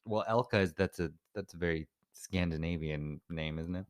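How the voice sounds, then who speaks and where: A man's voice: low voice, normal speed, smooth. A man co-hosting a podcast, adding short, dry comments to a casual film chat. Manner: brief, dry interjections. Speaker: podcast co-host.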